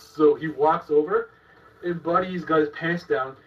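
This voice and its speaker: A man's voice: on the high side, moderate pace. A man in casual podcast chat, telling anecdotes in a matter-of-fact way. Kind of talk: casual storytelling. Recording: distant, dull-sounding podcast audio.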